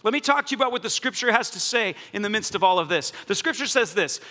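A man, a pastor, preaching a sermon in a church, animated and jokey with strong emphasis. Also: high voice, quick pace. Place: church hall. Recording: echoey church hall.

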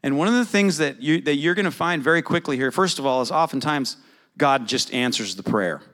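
A man's voice: on the high side, lively intonation, brisk, fairly bright tone. A middle-aged man preaching a sermon in a conversational way, asking his congregation questions. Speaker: pastor.

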